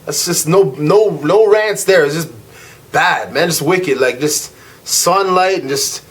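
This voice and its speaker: A young man from Canada, a vlog host, telling a travel story as a slangy, animated rant. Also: on the high side, unhurried. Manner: animated, slangy, swings from loud irritation to laid-back drawl.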